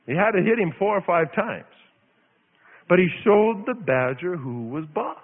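Male preacher from Idaho, high and swinging delivery, dramatic storyteller; thin phone-like sound. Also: normal speed, long reverb tail. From Idaho, USA. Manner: animated, dramatic storytelling with repetition. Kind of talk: sermon with storytelling.

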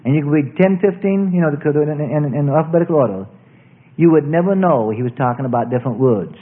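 Folksy preacher man, lively rising voice. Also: a little high, brisk. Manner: folksy, rambling storytelling with restarts. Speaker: pastor. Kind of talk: sermon. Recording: tinny phone-like recording.

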